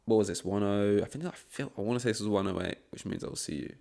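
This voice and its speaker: A man's voice: lowish voice, fast talker, gravelly, heavy background noise. Rambling, swearing young man. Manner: rambling, swearing, frequent fillers and restarts. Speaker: podcast host. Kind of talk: casual solo podcast monologue.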